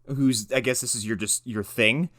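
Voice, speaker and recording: A man's voice: mid-range voice, steady tone, a bit bright. A man co-hosting a casual movie-recap podcast, tossing in sarcastic one-liners. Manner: quick sarcastic quips. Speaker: podcast co-host.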